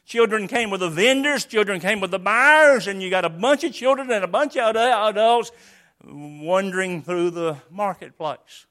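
A man preaching a sermon, explaining a scripture passage verse by verse and acting out its quotes with sudden loud bursts. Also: sits high, moderate pace.

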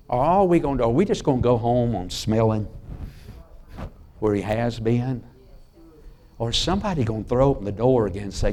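A middle-aged man preaching a sermon in a church. He tells folksy stories and drops to a hush on key lines. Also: medium pitch, animated, fairly quick, pauses often, slight background noise. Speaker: pastor. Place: church sanctuary.

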